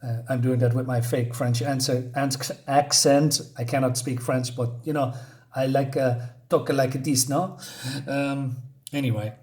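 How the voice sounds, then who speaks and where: A man's voice: mid-range voice, steady tone, a little slow, a little mellow. A man giving a casual spoken comic book review, rambling and hesitant, with many fillers.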